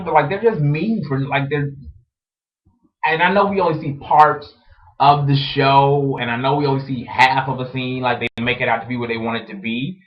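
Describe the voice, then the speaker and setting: A young man talking casually to his webcam, chatty and animated, telling stories with lots of "like". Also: mid-range voice. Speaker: vlogger. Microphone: webcam microphone. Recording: dull lo-fi webcam audio.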